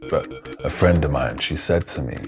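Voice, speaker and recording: A man, telling a personal story in a loose, slangy, animated way. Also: extremely low pitch, moderate pace, music in the background. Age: 30s. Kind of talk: casual spoken storytelling.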